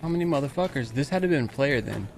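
A man giving crude, excitable commentary while playing a shooter game. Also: medium pitch, rapid-fire, creaky, slight background noise. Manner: excitable, crude, swears often. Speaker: gaming streamer. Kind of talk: profane gameplay commentary. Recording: loud music behind.

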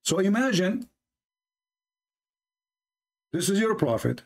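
A man hosting a religious debate show, speaking in a sarcastic, mocking way and reading texts aloud slowly. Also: sing-song. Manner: sarcastic, reads texts aloud slowly, mimics opponents in a high voice.

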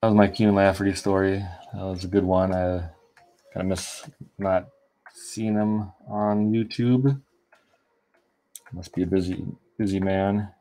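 Mellow and low-pitched, this man talks unhurriedly with fairly even intonation and frequent pauses. As he colors artwork during a stream, he rambles through a lengthy story, restarting sentences along the way.

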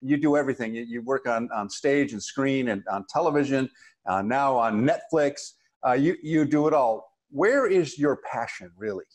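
A man's voice: medium pitch, animated, normal speed. A middle-aged man hosting an interview, enthusiastic, complimentary and jokey. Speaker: interview host. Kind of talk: casual interview.

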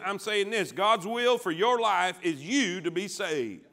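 A man preaching a sermon as pastor, calling on the congregation to answer back and swinging from quiet, low lines to loud ones. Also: expressive, unhurried. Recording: church sanctuary.

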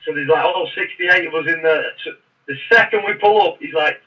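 A man's voice: on the high side, brisk. A man, a former Royal Marine, telling stories in a casual podcast interview with a rambling, restarting manner, heard through muffled, distant audio.

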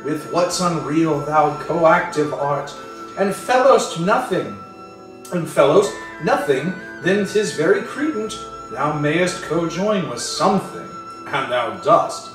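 Man, dramatic Shakespeare recitation, lively pitch; distant mic, music clearly behind. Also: slow, heavy reverb. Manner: declamatory.

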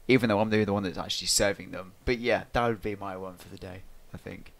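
A man's voice: on the low side, fast talker, few pauses. A man co-hosting a podcast in casual chat, rambling and joking at his own expense. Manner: rambling, self-deprecating, lively delivery. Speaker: podcast co-host.

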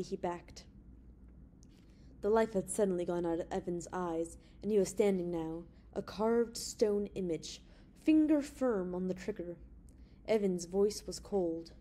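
Woman audiobook narrator, steady reading, mellow tone. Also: medium pitch, normal speed. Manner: steady narration with character voices.

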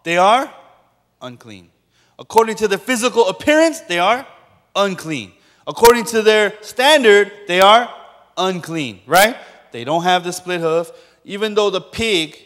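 Emphatic pastor in an echoing hall. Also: male voice, high voice, fairly bright tone. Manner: emphatic questioning, repeats points for the audience. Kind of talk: sermon.

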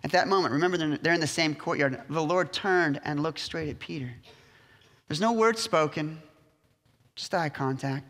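A man preaching a sermon as pastor, telling the story in a lively way and acting out the quotes. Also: fairly high pitch, moderate pace. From United States. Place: church sanctuary. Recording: reverberant church hall.

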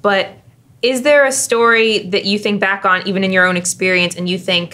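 A woman's voice: mid-range voice, fairly quick, a bit bright. A woman hosting an interview, asking questions and affirming her guest in an encouraging way. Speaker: interview host. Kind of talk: conversational interview.

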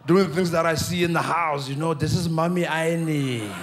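A man telling childhood stories in an animated stand-up comedy set. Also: a little high, normal speed, slight background noise. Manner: animated, acts out scenes.

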